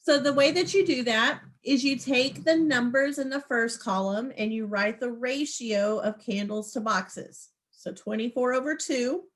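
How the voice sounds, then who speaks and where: A woman's voice: a little high, unhurried, hardly any pauses. A woman teaching a math class over a video call, patient and encouraging as she explains each step. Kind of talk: online class lesson.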